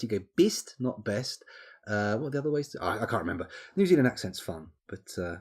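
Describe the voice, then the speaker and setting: A young man streams a game from home, half talking to himself as he mutters through menu items and drifts into easygoing asides. His low, breathy, husky voice is captured close on a desk microphone in this casual play-along commentary.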